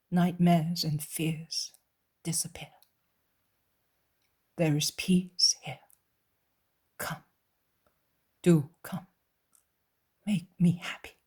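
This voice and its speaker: Jesus, soft and tender, slow and breathy, read by a woman. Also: lowish voice, heavily acted. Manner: soft, hushed, tender speech. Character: gentle, compassionate male Jesus, calm and loving.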